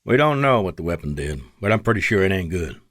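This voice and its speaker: A man voicing a gruff, vengeful male Air Force colonel with an East Texas drawl, speaking in urgent, clipped commands. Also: low voice, very animated, quick pace, a bit bright, dry recording, clean studio sound.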